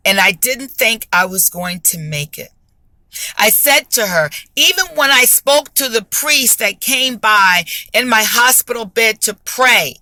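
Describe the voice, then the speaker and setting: A woman giving a spoken faith testimony, emphatic and deliberate, repeating phrases for stress. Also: on the high side, bright, forceful tone, dry recording. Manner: slow and deliberate.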